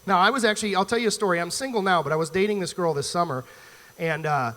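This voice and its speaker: A male stand-up comedian from the US Midwest, talking in an animated, rambling way on stage at a live venue. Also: high-pitched, quick pace, in a large hall. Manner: animated, chatty, rambling asides.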